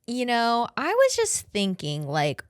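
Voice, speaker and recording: A woman's voice: a little high, wildly swooping pitch, takes it slowly, clear, resonant tone. A woman in her twenties hosting a podcast, chatting casually in a rambling, profane way. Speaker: podcast host.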